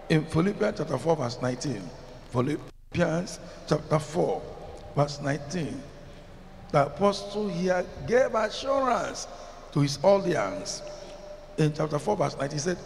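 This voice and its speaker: A pastor with a Nigerian English accent preaches a sermon, emphatic and chanting certain phrases while asking the congregation questions. His fairly high-pitched voice is expressive and a little slow, with slight background noise. A long reverb from a large hall and faint ambience fill the recording.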